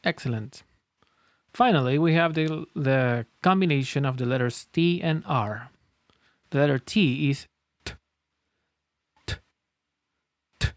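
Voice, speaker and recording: A man's voice: mid-range voice, unhurried, no echo. A man teaching phonics, patiently sounding out letters and words for learners to repeat. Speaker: language teacher. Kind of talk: phonics lesson, slow drilled pronunciation. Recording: dry close recording with faint music.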